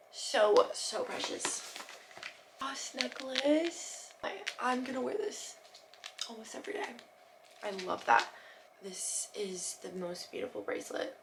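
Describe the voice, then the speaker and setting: A young woman vlogging as she unboxes gifts, gushing and excitable, sometimes dropping to a soft whisper. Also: fairly high pitch. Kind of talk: casual unboxing vlog. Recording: noticeable background noise.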